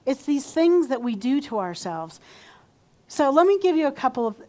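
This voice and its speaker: A woman's voice: high voice, big pitch swings, moderate pace, a little mellow. A woman minister giving a sermon in a conversational way, sometimes acting out how people talk to themselves. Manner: conversational, acts out quoted self-talk.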